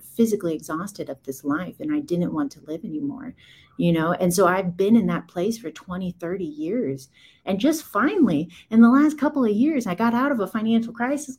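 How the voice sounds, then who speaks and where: In a lowish voice over poor audio, a woman in her forties gives a candid, impassioned account as a guest in a conversation. She speaks emphatically, her words coming in rising bursts.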